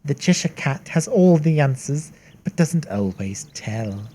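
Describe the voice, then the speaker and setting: A gameplay streamer voicing a sly cat who speaks in slow, teasing riddles. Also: mid-range voice, animated, warm tone. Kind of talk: fan voicing of game lines.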